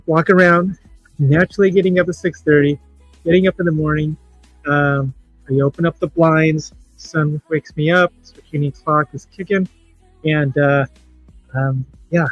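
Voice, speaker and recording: A man hosting a livestream in casual chat, talking in an emotional, halting, heartfelt way. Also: on the high side, steady tone, no room sound, highs cut off, soft background music. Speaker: livestream host.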